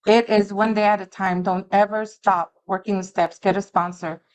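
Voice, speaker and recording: A middle-aged woman giving an earnest, halting personal recovery testimony at a meeting. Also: medium pitch, little pitch movement, clear, resonant tone, rough recording. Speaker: alumni speaker at a recovery meeting. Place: meeting room.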